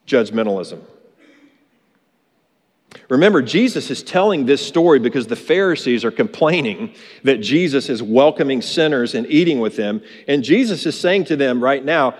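A man's voice: mid-range voice, animated, moderate pace. Earnest male preacher in an echoing hall. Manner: earnest, emphatic, repeats key phrases. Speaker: pastor. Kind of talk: sermon. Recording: long reverb of a large hall.

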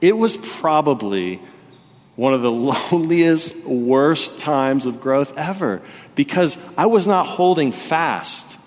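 A young man preaching a sermon, telling stories with animated energy that rises loud and high when he gets excited. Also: slow pace. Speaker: pastor. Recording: long reverb of a hall.

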